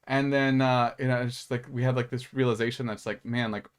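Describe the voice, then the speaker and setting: A young man talking loosely on a podcast, his thoughts wandering as he piles up filler words and casual swearing. His voice sits at an ordinary pitch for a man. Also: steady tone, a little fast, clear, resonant tone. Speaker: podcast co-host. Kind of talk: casual chat.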